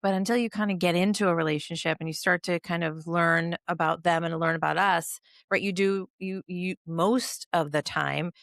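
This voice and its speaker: Rambling woman co-host, lowish voice. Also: steady tone, moderate pace, gravelly, few pauses, fairly bright tone, no room sound, clean studio sound. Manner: rambling, many restarts. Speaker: podcast co-host. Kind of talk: casual podcast chat.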